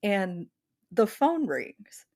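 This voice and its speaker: A woman's voice: medium pitch, sing-song, extremely slow, a little mellow. A woman co-hosting a podcast, telling a long story in casual chat with lots of "like" fillers. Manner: rambling storyteller, many "like" fillers. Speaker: podcast co-host.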